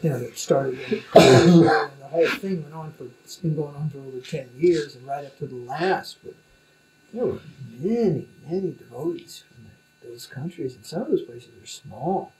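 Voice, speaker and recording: A man's voice: a little high, lively intonation, moderate pace, darkish tone, reverberant, slight background noise, rough recording. A man who is a spiritual teacher, talking informally in loose, rambling speech with many fillers. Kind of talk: informal conversation.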